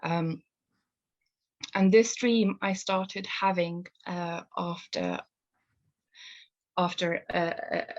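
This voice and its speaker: Slow, low-voiced woman storyteller. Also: muffled recording. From Kashmir. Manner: calm, measured reading, then hesitant with many fillers. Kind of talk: live storytelling.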